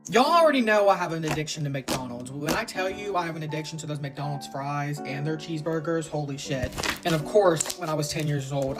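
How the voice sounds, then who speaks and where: A man casually telling a comic story from his childhood, animated, swinging between loud and soft and drawling his punchlines. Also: fairly high pitch. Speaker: storytime narrator.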